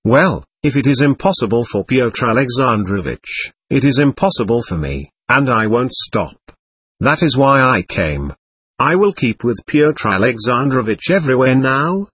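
A man voicing a scheming, shameless old buffoon who taunts everyone, in a lively, husky storybook reading. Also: medium pitch, moderate pace, no echo. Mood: mocking. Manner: impudent, taunting.

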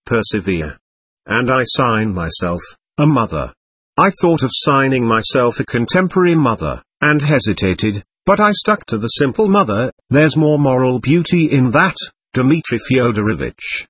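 A fluttery, gushing society lady, as a male narrator puts her on, airily sweet and condescending, her voice rising and falling in lively swoops. The tone is slightly husky and sits close and dry, with no room around it. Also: medium pitch, normal speed, no echo. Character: gushing, flighty society lady, middle-aged.

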